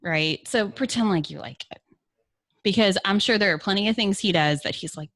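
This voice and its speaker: A woman's voice: mid-range voice, moderate pace, a bit bright. A middle-aged woman from Kentucky with a Southern accent, chatting candidly and playfully as a podcast guest, often laughing. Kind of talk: frank casual chat.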